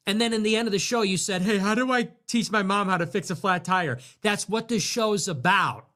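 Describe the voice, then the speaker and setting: A man hosting a livestream, rambling sarcastically, laughing often, swearing and dropping into low mutters. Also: fairly quick, few pauses, sharp tone. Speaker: livestream host. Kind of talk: casual livestream commentary.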